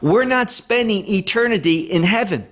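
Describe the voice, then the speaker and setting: A man teaching a Bible study lecture, reading verses aloud and stressing key words with firm, deliberate emphasis. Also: high-pitched, lively intonation, fairly bright tone.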